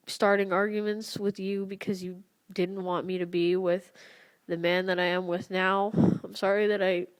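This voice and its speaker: Earnest young woman, halting and emotional. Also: medium pitch, dry recording. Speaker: vlogger. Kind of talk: personal confessional vlog.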